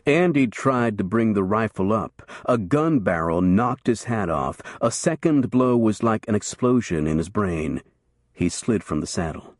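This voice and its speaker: A man narrating a western novel as an audiobook in a steady, measured storytelling voice. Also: fairly low pitch, no echo, studio quality.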